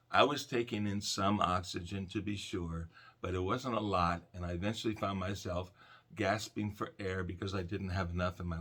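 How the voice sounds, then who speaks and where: Deep gravelly male counselor, calm. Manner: calm, conversational, storytelling. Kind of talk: calm self-help talk to camera.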